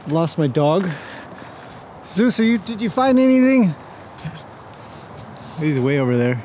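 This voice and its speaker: A man's voice: sits high, very animated, measured pace, lo-fi sound, a little hiss or hum. A man working as a horse trainer, chatting casually and joking as he talks to his horses outdoors. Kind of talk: casual vlog talk to camera and horses.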